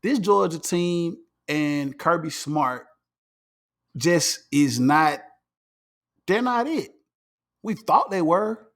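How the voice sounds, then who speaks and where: High-voiced emphatic man. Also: slow, pauses often. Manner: animated and emphatic, repeating words. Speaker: podcast host. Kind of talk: casual sports chat.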